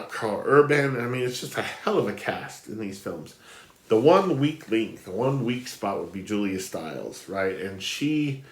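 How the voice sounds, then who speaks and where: Man, film blogger, nasal with a cold, chatty and meandering, lowish voice, roomy echo. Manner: chatty, rambling with many fillers and restarts. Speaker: film blogger ranking films. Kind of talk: casual spoken film review.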